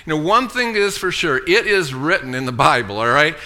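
A man preaches a sermon with a very bright, ringing tone. His voice sits a little high, and he keeps drawing the congregation into call-and-response. He reads scripture in a lower, softer voice. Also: big pitch swings, a little fast. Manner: preaching with call-and-response, frequent "amen" and "okay". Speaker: pastor.

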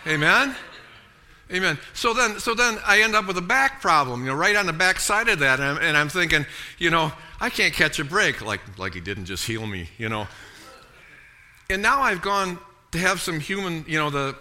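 A middle-aged male pastor delivers a sermon in a high, very bright voice. His pitch swings widely as he presses his points. He repeats and restarts words and keeps asking his listeners for an amen. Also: very animated, moderate pace. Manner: emphatic, repeats words and restarts, calls for amens.

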